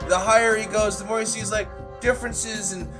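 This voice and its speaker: A man with a high voice tells a tabletop game recap as its game master. His telling is loose and rambling, with lots of filler and swearing. Now and then he breaks into sudden loud bursts. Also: little pitch movement, brisk, over music. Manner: rambling and profane, full of "like" fillers. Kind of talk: casual session recap storytelling.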